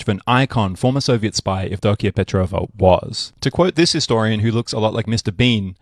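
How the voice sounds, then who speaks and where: A man's voice: fairly low pitch, fairly quick, hardly any pauses, slight background noise. Sarcastic man telling history. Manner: sarcastic, deadpan asides. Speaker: history storyteller. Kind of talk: comedic history narration.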